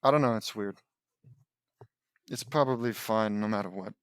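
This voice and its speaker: A man's voice: on the low side, moderate pace, clean tone, no room sound, clean studio sound. A man reading fan fiction aloud, breaking off for sarcastic, complaining asides. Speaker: audiobook reader.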